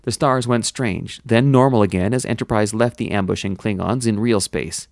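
A man reading a science fiction novel aloud in steady narration, with occasional self-deprecating asides. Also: on the low side, moderate pace, creaky, dry recording, studio quality. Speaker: audiobook reader.

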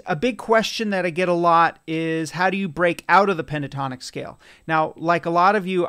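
A man's voice: a little high, fairly bright tone, smooth, dry recording. A man from California hosting a live guitar lesson, casual and chatty, greeting viewers between explanations. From Sacramento, California. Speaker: guitar teacher. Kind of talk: live-streamed guitar lesson with chat replies. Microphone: studio mic, a bit away from him.

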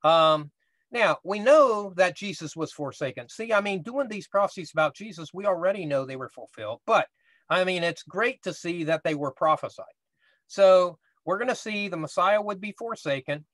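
Higher-voiced man teaching a Bible class. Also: expressive, moderate pace, a bit bright, dry recording. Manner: conversational, explains step by step, asks "right?".

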